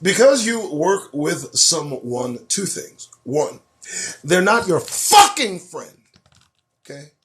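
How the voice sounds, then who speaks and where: A man hosting a live stream, reading news headlines aloud and ranting about them in a sarcastic, profane, animated way. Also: on the high side, slow pace. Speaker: host. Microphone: phone or webcam on a live stream.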